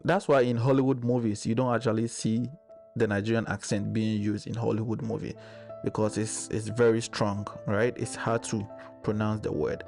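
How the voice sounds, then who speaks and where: Low-voiced man calmly explaining. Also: normal speed, gravelly, soft background music. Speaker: discussion panelist. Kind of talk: casual debate chat.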